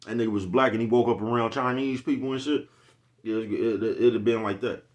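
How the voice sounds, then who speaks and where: A man's voice: medium pitch, fairly even intonation, fairly quick. A man in a casual, rambling vlog monologue, cursing freely and asking "you know what I'm talking about" again and again. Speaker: vlogger.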